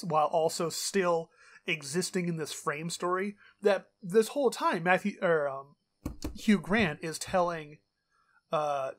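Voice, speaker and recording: Rambling, excitable podcast co-host man. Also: high-pitched. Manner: rambling, animated, swears, many fillers. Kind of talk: casual chat.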